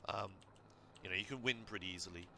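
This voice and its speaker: A lowish, bright male voice, coaching a friend through a game in a relaxed, easygoing way. He gives steady step-by-step tips, peppered with fillers, over a faint hiss behind him. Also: fast talker, gravelly. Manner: relaxed, instructive, many fillers. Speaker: streamer coaching a speedrun.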